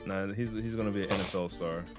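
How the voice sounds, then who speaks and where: A man's voice: sits low, steady tone, soft background music. Blunt, profane man podcast host. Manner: blunt, profane, quick retorts. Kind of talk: casual crude banter.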